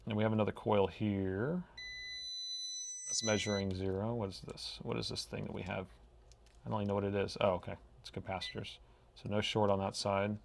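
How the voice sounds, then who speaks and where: A man's voice: lowish voice, gravelly. A middle-aged man giving live, thinking-aloud commentary as he repairs a laptop, in a laid-back drawl that tacks "man" onto his sentences. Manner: thinking aloud while measuring.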